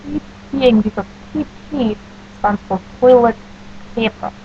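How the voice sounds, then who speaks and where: Deadpan woman in a mock Russian accent. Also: on the high side, measured pace. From New Jersey. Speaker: vlogger. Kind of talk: comic accent-challenge vlog. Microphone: webcam. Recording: dull lo-fi webcam audio with faint hum.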